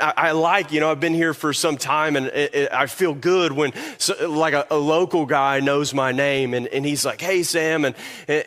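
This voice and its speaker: A man's voice: a little high, a bit bright. A man with a Kentucky Southern accent preaching a sermon as pastor, telling stories animatedly with frequent restarts.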